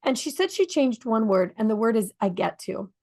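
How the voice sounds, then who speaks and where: A woman co-hosting a radio talk show, talking in a lively storytelling way and asking her listeners rhetorical questions. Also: on the high side, moderate pace. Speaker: podcast co-host.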